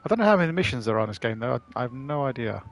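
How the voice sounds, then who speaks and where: A man's voice: medium pitch, sing-song, very fast, slight background noise. A man, streaming a driving game and bantering casually with friends, swearing as he goes. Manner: chatty, jokey banter with swearing. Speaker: gaming streamer. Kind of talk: casual live-stream commentary.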